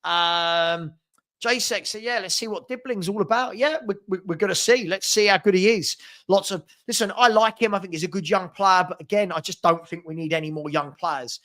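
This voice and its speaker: A young man hosts a live fan watchalong, chatting casually into a desk mic and reading viewer comments aloud. His voice sits high for a man, and his talk is loose and full of ums and restarts. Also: normal speed, pushed and bright. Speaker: fan channel host reading live chat.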